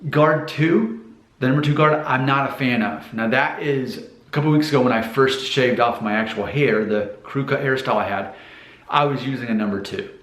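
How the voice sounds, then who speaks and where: A man's voice: medium pitch, a bit bright, echoey room. An American man talking casually to camera in a rambling, self-promoting vlog about hair. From United States. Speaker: vlogger giving hair advice.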